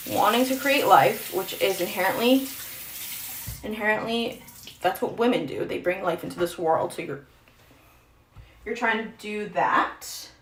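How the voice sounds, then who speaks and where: Young female streamer, chatty and self-mocking, middle pitch, roomy echo. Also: measured pace, long pauses, slight background noise. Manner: chatty, rambling, self-deprecating. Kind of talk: casual get-ready-with-me stream chat.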